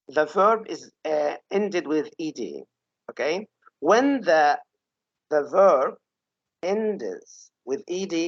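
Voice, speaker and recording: A low-pitched woman runs an online lesson on English pronunciation as a webinar teacher, patiently repeating words and checking in with "okay?" again and again. No room sound is audible, and the audio is dull and lo-fi.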